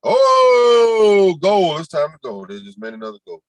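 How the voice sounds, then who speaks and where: A man's voice: fairly low pitch, animated, rapid-fire, dry recording, low-quality recording. A man hosting a casual livestream, rambling loosely and talking to his chat and to himself. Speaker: livestream host.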